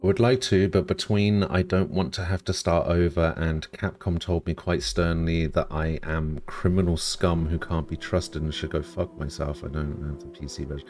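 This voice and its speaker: A British man streaming live, chatting casually with dry, deadpan humor and some swearing as he answers chat. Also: deep voice, normal speed, few pauses.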